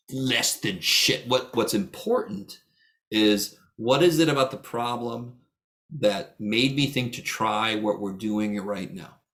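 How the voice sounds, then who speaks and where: A middle-aged male math instructor, medium in pitch, runs a lecture over a video call. He keeps it casual and joking, with blunt asides and casual swearing, ribbing students by name as he walks them through each step.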